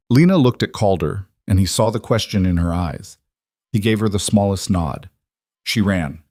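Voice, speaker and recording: A man narrating a western story in a measured, grave storytelling manner. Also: sits low, lively intonation, darkish tone, no echo, studio quality.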